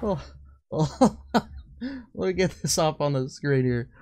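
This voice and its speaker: A man playing a horror game on a headset mic, excitable, laughing often and swearing at the game. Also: on the high side, slow pace, no echo. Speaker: gaming YouTuber. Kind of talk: let's-play commentary.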